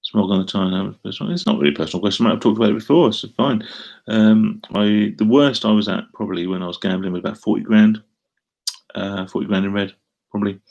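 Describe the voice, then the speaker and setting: A man's voice: fairly low pitch, quick pace, vocal fry, darkish tone. A middle-aged man with an Essex accent, chatting casually on a live stream and answering viewer comments in a rambling way. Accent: Essex English. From England.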